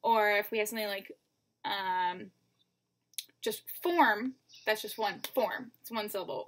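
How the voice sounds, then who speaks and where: A woman's voice: mid-range voice, normal speed, fairly bright tone. A woman teacher giving a recorded lesson, patiently counting syllables one by one and speaking straight to her students. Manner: addresses students directly.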